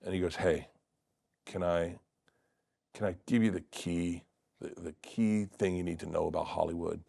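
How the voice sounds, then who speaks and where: A middle-aged man telling a long funny story as a guest on a talk show, acting out the other people's voices and laughing loudly. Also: low voice, steady tone, normal speed, gravelly, no room sound, clean studio sound. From Florida. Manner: acts out quoted voices, loud bursts of laughter. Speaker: comedian guest.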